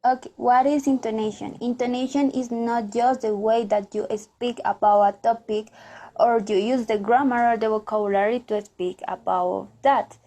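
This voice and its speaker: A woman's voice: on the high side, fairly even intonation, moderate pace, mellow. A woman student presenting on intonation in class, carefully repeating her example sentences.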